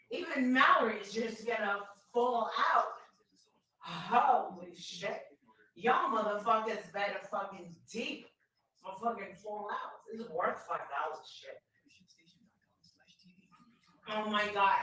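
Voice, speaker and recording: Brash livestream host, female, profane and demanding, bright tense tone, unhurried delivery. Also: medium pitch, far from the mic, poor audio. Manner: brash, loud, demanding, swears constantly.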